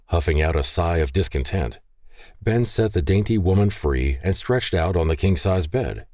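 Deep-voiced guy reading a romance novel, expressive, dry studio sound. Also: normal speed, no echo. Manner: expressive, storytelling. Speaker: audiobook narrator. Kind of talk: scripted narration.

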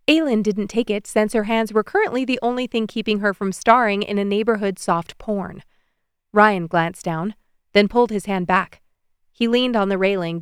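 A woman reading a story aloud as an audiobook narrator, with even, measured storytelling. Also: medium pitch, clean tone, no room sound, clean studio sound.

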